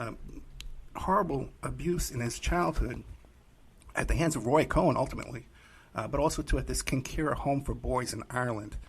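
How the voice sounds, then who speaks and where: A man hosting a podcast interview, chatty and relaxed, with frequent fillers. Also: a little high, creaky, slightly rough. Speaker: podcast host and private investigator.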